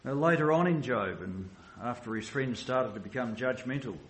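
A man's voice: medium pitch, normal speed. Man, pastor, sermon, earnest, restarts often, echoey room. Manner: earnest, with many restarts and "you know"s.

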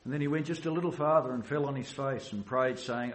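A man's voice: mid-range voice, fairly quick, reverberant. A man preaching a sermon as a pastor in a church, talking earnestly with restarts and many "you know"s.

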